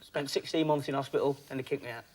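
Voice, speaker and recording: A man's voice: mid-range voice, steady tone, quick pace, darkish tone. A young man with a Sheffield accent, a contestant on a TV dating show, joking about himself. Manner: joking, self-deprecating.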